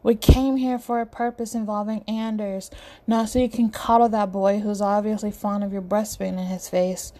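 A woman's voice: medium pitch, level tone, moderate pace, mellow, natural voice. A woman voicing a stern, commanding older witch who chides the others, in a storybook reading. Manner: chiding, imperious.

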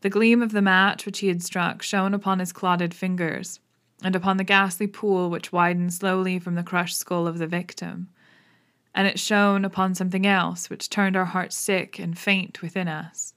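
A woman narrating a classic novel in a steady, suspenseful storytelling manner. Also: fairly low pitch, moderate pace. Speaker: audiobook narrator. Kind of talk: dramatic audiobook narration.

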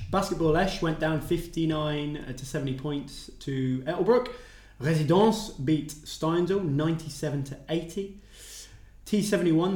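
A man's voice: fairly high pitch, darkish tone. A man co-hosting a casual sports chat, reading out results with a self-deprecating, chatty manner. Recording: echoey room.

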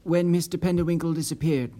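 A man's voice: fairly high pitch, quick pace, warm tone, close to an everyday voice. A man voicing an eager, earnest young man who speaks with a raised, hopeful voice. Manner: eager, earnest, slightly breathless. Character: eager, anxious young man, associate of a missing man.

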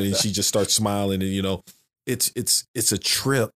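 A man's voice: sits low, fairly even intonation, normal speed, a bit bright. A man who is a father of three, talking frankly and emphatically in a casual podcast conversation, repeating his phrases as he goes.

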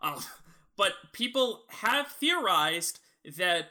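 A man's voice: sits high, sing-song, takes it slowly, sharp tone. A young man co-hosting a podcast, chatting casually with a critical, teasing edge. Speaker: podcast co-host. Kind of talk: casual chat.

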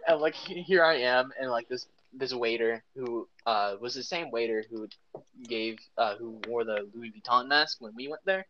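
A man's voice: medium pitch, moderate pace, slight background noise. A young man co-hosting a podcast, telling a personal story in a rambling way, full of "like" and restarts. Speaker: podcast co-host. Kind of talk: casual storytelling. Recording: dull lo-fi podcast audio.

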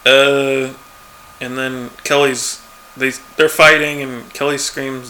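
A man's voice: mid-range voice, level tone, takes it slowly, bright, forceful tone. A man chatting casually as a podcast co-host, laid-back and chuckling, acting out quoted lines. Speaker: podcast co-host recapping a TV episode. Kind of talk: casual chat.

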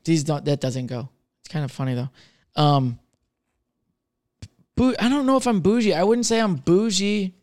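A man's voice: high voice, animated, moderate pace, long pauses, a little mellow, dry recording, studio quality. A young man hosting a comedy podcast on his own, chatting loosely, rambling, swearing freely and laughing at himself. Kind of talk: casual solo chat.

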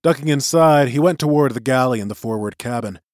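A man narrating a chapter of a novel in an expressive storytelling voice. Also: mid-range voice, brisk, dry recording, studio quality. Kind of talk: audiobook narration.

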